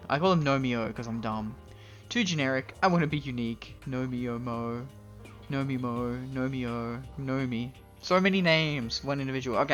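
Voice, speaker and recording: While streaming a game live, this man chats casually with viewers and swears freely as he commentates. His voice sits at a medium pitch with a bit of brightness.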